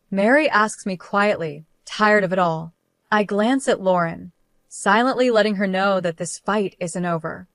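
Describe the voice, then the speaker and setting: A woman's voice: mid-range voice, measured pace, fairly bright tone, no echo. Woman telling a tense family story, emotional, dry recording. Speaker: story narrator. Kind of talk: first-person dramatic story narration.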